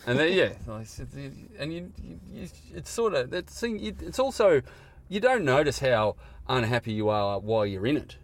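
A middle-aged man, talking candidly and reflectively as a podcast guest, often pausing and restarting. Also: mid-range voice, very animated. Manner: halting, earnest, reflective. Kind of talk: candid conversation. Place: car park.

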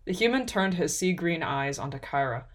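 A woman narrating a fantasy story in a measured reading voice. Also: deep voice, lively intonation.

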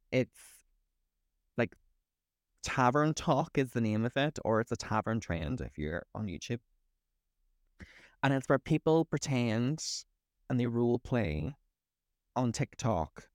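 A man's voice: mid-range voice, no room sound, clean studio sound. A man from Britain co-hosting a podcast, chatting casually and bluntly, swearing freely. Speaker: podcast co-host. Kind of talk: casual chat.

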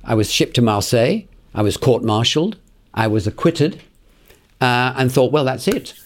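A man's voice: mid-range voice, animated, normal speed, slight background noise. Chuckling older Englishman spinning yarns. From England. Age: 80s. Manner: rambling, chuckling, repeats words as he recalls. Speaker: interview guest. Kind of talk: anecdotal storytelling in conversation.

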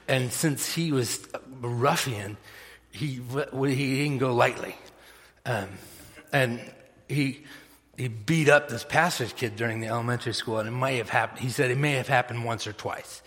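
A man's voice: mid-range voice, a little slow, fairly bright tone, long reverb tail. A man preaching a sermon, telling a story unhurriedly with chuckles and many fillers. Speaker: pastor. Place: church sanctuary.

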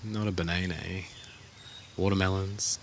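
A man's voice: sits low, level tone, moderate pace, a little hiss or hum. A young man, co-hosting a casual podcast chat in a laid-back, slangy way. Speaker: podcast co-host.

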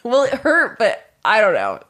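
Woman, casual storyteller, lively pitch, mimics the voices of people in her story. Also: moderate pace.

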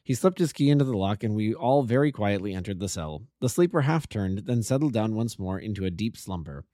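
A man, an amateur narrator, reading a classic detective story with measured, expressive storytelling. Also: fairly low pitch, dry recording, clean studio sound.

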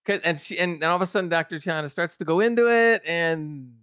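A man co-hosting a podcast, chatting casually about a TV episode and retelling scenes with excited quoted reactions. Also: fairly high pitch, fast, clear, resonant tone, no room sound, clean studio sound. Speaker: podcast co-host. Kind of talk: casual TV review chat.

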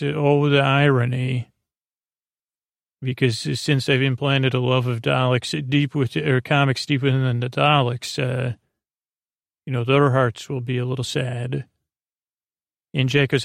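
A man hosting a podcast, giving a meandering, low-key bedtime recap full of "uh" and "he goes". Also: level tone, gravelly, no echo, clean studio sound. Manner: low-key, unhurried delivery. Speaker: podcast host. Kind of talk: rambling bedtime recap of a TV episode.

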